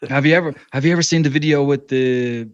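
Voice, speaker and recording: A man co-hosting a casual chat over a video call, easygoing and quick to agree and laugh. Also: mid-range voice, smooth, dry recording. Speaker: co-host. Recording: dry, dull lo-fi mic.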